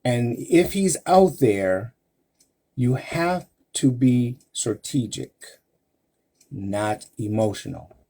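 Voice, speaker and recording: A man giving relationship advice over a live stream, his voice mellow and a little husky. He takes his time, pressing each point with emphasis and rhetorical questions aimed straight at the women listening. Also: mid-range voice, lively intonation, slow pace. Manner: addresses women listeners directly.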